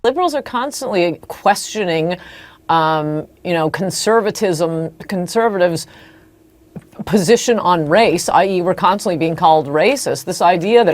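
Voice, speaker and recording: A woman's voice: on the low side, lively intonation, normal speed. A woman speaking as a conservative commentator guest in a television interview, scornful and dismissive.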